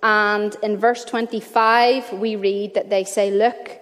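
A woman's voice: medium pitch, level tone, slow pace, a bit bright. A woman preaching a sermon in an earnest, conversational way, mixing Bible reading with personal stories. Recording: long reverb of a church hall.

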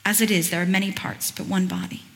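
Speaking fast in a lowish, creaky voice, a woman delivers a guest sermon in church, where a long reverb tail and a bit of hiss or hum hang over the sound. Her tone is conversational and dotted with chatty asides, and she reads scripture aloud with lively expression.

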